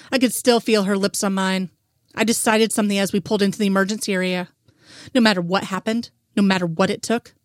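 Woman narrator, brisk even read-aloud, dry close mic. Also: medium pitch, dry recording. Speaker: story reader. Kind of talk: reading romantic fan fiction aloud.

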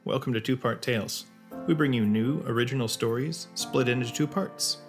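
A man's voice: mid-range voice, normal speed. Man introducing a story show. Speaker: show host. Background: soft guitar music.

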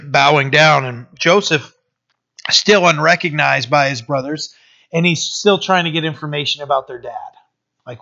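A male pastor giving a conversational sermon, with many fillers and restarts, who slows down to read scripture aloud. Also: on the high side, vocal fry, pushed and bright, highs cut off. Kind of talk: sermon, informal Bible teaching.

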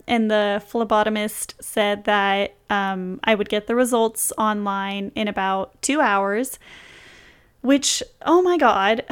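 Bubbly young woman, clear voice. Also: a little high. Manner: bubbly, laughs often, excited retelling. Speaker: vlogger. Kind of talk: casual storytelling. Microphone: close mic, reading from a journal.

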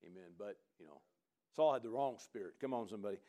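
A man preaching a sermon in a lively, conversational way, often asking the congregation "right?" and urging them on. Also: fairly low pitch, fast talker. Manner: animated, conversational preaching with frequent "come on" and "right?". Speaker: pastor.

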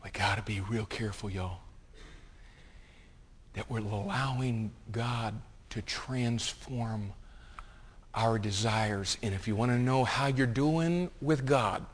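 A man preaching a sermon as pastor, swinging from hushed asides to loud, impassioned reading. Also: medium pitch, slow pace, long pauses. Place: church sanctuary. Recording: long reverb of a large hall.

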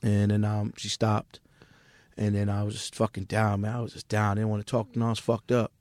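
A man's voice: fairly low pitch, monotone, brisk, a little mellow, no room sound. Blunt, profane New York man. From Queens, New York. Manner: blunt, profane, street-talking storyteller. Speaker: music manager, guest. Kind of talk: candid podcast interview.

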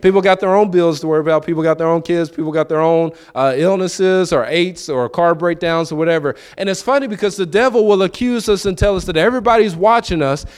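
A man's voice: high-pitched, quick pace, few pauses, smooth. A man preaching a conversational sermon, telling stories and acting out the dialogue, often repeating key phrases for emphasis. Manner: storytelling, acting out his own and others' dialogue.

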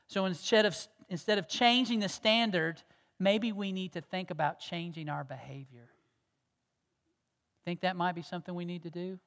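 A man preaching a sermon as pastor, earnest and pleading, moving from loud exhortation to hushed tones. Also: sits high, normal speed. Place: church sanctuary. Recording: long reverb of a church hall.

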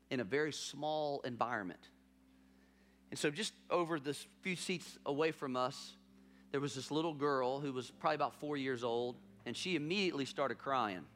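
A man's voice: mid-range voice, fairly bright tone. A man preaching a sermon as pastor, telling a story with emphatic repetition.

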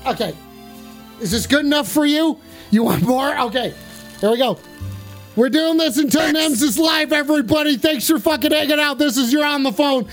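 A man hosting a live stream sign-off, excitable and swearing freely as he gives loud shout-outs. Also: very high voice, moderate pace. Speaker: livestream host. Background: music.

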